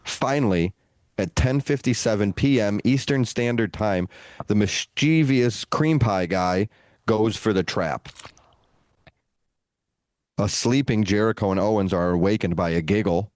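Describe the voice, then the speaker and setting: A man co-hosting a podcast, telling a long story in an animated, relaxed way with playful asides. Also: on the low side, a little slow, dry recording. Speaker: podcast co-host. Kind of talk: casual storytelling.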